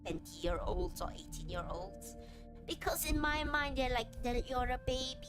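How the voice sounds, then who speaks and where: A woman's voice: high voice, animated, normal speed. A young adult woman streaming as a VTuber, chatting earnestly and animatedly with many restarts and fillers. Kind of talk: casual chat on a livestream. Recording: game music behind the voice. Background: background music.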